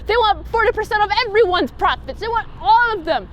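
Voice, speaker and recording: A woman's voice: very high voice, lively intonation, brisk, slight background noise, pitched above the performer's own voice. A woman voicing a brash male starship captain posing as a 1920s mobster, making swaggering tough-guy threats. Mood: threatening.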